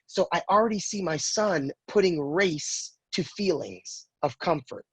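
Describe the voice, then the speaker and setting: A man's voice: on the high side, a little slow, husky, no room sound. A man in his late thirties, speaking earnestly and frankly as an interview guest, often repeating words as he works through a thought. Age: 30s. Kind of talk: casual conversational interview.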